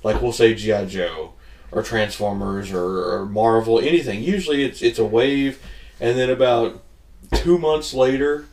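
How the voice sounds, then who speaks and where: A man co-hosting a podcast, telling stories in a casual, animated way and acting out the people in them. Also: mid-range voice, moderate pace, reverberant, recorded from a distance. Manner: animated storyteller, acts out voices, laughs a lot. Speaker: podcast co-host. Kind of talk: casual chat, storytelling.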